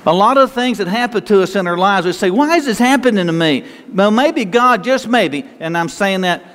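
A man's voice: sits high, expressive, normal speed, few pauses, a bit bright, in a large hall. A man preaching a sermon as pastor, folksy and conversational, often stammering and restarting.

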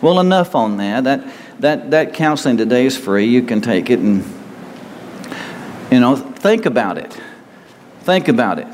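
A man's voice: medium pitch, very animated, moderate pace, long pauses, darkish tone. A man preaching a conversational sermon as a pastor, often acting out the voices of self-centered people. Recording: reverberant hall with faint room noise.

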